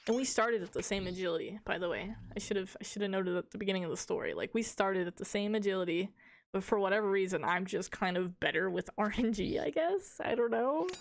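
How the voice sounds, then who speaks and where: A woman's voice: medium pitch, fairly quick, gravelly. A woman streamer telling a long story in casual chat, rambling with lots of fillers, laughing often and swearing casually.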